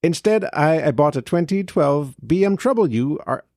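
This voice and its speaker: A man co-hosting a podcast who reads a listener letter aloud in an even, matter-of-fact way. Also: a little high, a little slow, no echo, studio quality. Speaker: podcast co-host.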